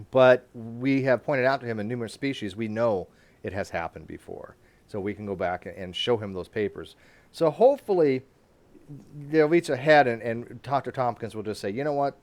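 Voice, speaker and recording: A man hosting a casual live online hangout, talking fast and reading from his notes. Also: medium pitch. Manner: fast talker, reads from notes. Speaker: channel host.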